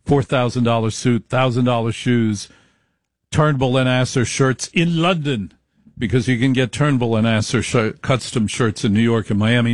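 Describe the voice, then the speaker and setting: A middle-aged man at an ordinary middle pitch tells a story as a monologue, recorded close and dry. His creaky voice moves at normal speed, and he speaks emphatically and repetitively, dragging out key phrases so his points land.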